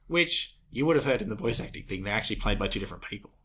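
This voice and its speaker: A man's voice: fairly low pitch, animated, very fast, a bit bright, a little hiss or hum. A man co-hosting a gaming podcast, eagerly explaining plot points in long run-on sentences. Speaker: podcast co-host. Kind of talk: casual chat about a video game.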